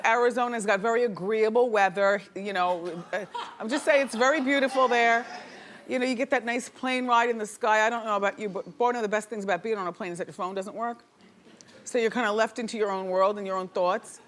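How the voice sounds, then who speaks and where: A woman hosting a gossip talk show, chatty and playful with loud exclamations, in a studio with a live audience. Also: mid-range voice, fairly even intonation, a little fast. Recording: noisy studio with crowd. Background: audience laughter and cheers.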